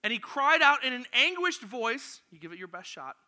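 High, bright-voiced youth pastor. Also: male voice, normal speed. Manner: energetic, directs volunteers playfully. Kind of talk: youth sermon with acted-out Bible story.

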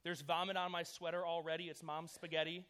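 Over very noisy audio, a man with a slightly high voice talks a little fast. He's a youth pastor giving a relaxed sermon to young people, telling energetic, chatty stories loaded with fillers.

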